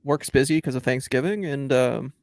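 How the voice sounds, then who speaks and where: A man's voice: mid-range voice, moderate pace, a little mellow, no echo, clean studio sound. A man hosting a podcast in casual chat, joking and swearing freely. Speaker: podcast host.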